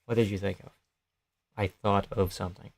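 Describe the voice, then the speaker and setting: A man's voice: sits low, flat delivery, normal speed, creaky, darkish tone. A young man on a casual live stream, chatting loosely and swearing while he reacts to fights and answers his chat.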